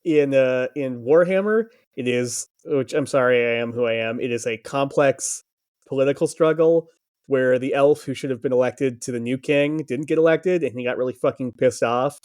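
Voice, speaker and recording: A podcast co-host with a medium-pitched, slightly mellow, smooth voice talks at a moderate pace. In casual chat he rambles through fantasy lore, joking and swearing plenty.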